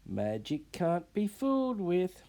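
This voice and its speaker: A clever girl apprentice, played by a man reading a storybook aloud, warns and scolds in a raised, firm voice. She speaks slowly, with lively rises and falls. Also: high voice, pitched above the performer's own voice, exaggerated voice. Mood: warning. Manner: stern and warning.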